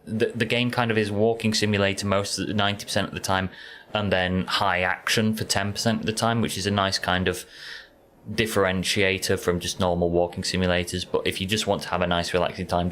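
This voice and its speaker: Deep-voiced Yorkshire man streaming games. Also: flat delivery, fast talker, a bit bright, slight background noise. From Yorkshire, England. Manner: easygoing, rambling, chats to viewers. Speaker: game streamer. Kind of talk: casual live-stream chat while gaming. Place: warm home bedroom.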